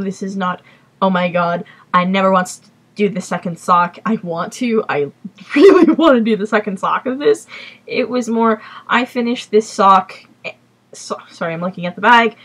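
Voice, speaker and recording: A woman hosting a casual crafting podcast from home, talking in a chatty, rambling way with quick apologetic asides. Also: a little high, fairly bright tone, husky. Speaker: podcast host. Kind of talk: casual chat.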